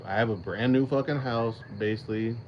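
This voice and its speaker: A man's voice: medium pitch, fairly quick, a little hiss or hum. A man hosting a casual livestream, rambling and swearing freely, often breaking into laughter. His audio is a little dull. Crickets chirp faintly in the background. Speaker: channel host.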